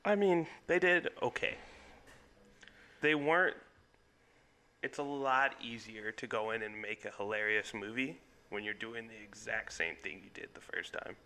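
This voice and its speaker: A man's voice: lowish voice, pushed and bright. A man co-hosting a casual comedy movie podcast, teasing and arguing with his co-host. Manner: teasing, argumentative, quick to laugh.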